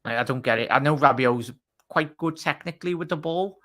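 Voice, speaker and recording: A man's voice: on the high side, fairly quick, fairly bright tone. A man as a guest on a football show, blunt and opinionated in casual chat. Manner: blunt, opinionated, says mate a lot.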